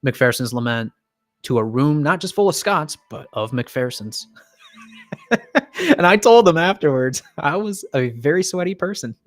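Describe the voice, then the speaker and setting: A man's voice: on the high side, expressive, measured pace, no echo. A man hosting a casual livestream Q&A, chatty, laughing often and reading viewer comments aloud. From United States. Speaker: livestream host, band member.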